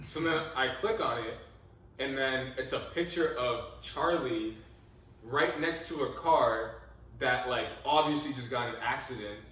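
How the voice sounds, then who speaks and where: Young man, casual podcast storytelling, animated, swears a lot, very roomy echo. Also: mid-range voice, measured pace. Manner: animated, laughing, swears freely, quotes himself. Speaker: podcast co-host. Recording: echoey room, mic at a distance.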